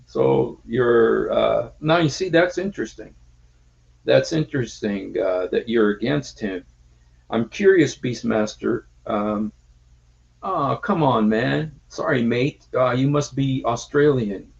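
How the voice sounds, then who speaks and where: A man chats casually on a livestream, stopping and restarting often. His voice has a gravelly texture, and the stream audio is muffled and low-fidelity. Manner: halting, many fillers and restarts. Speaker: livestream host.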